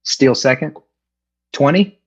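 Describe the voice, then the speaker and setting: A man's voice: medium pitch, slow pace. Candid, self-mocking man on a dull call. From Los Angeles. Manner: candid, self-deprecating, with frequent fillers and laughs. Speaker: AA speaker sharing his story. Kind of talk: personal recovery talk. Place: home, on an online meeting. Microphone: video call. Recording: dull lo-fi online call audio.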